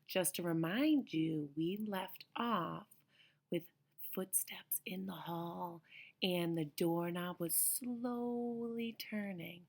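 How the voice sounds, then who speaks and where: A woman teacher reading a chapter book aloud to children, gently explaining words and asking them to predict. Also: on the low side, gravelly.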